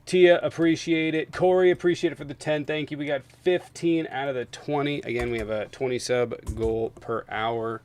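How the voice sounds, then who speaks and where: A man's voice: a little high, steady tone, moderate pace, hardly any pauses, slight background noise. Angry swearing male streamer. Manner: angry, profane ranting; loud bursts while venting. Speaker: livestream host. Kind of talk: heated political debate stream.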